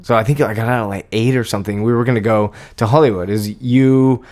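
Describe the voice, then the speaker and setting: A young man co-hosting a podcast, telling a story in casual chat, animated and laughing as he acts out what people said. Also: lowish voice, fast. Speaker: podcast co-host.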